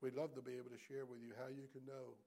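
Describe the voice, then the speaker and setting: A male pastor preaching a sermon, swinging from loud exhortation to hushed, near-whispered lines and repeating key phrases to the congregation. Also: mid-range voice, flat delivery, fast, gravelly. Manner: repeats key phrases, addresses listeners as church. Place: church service, also streamed online.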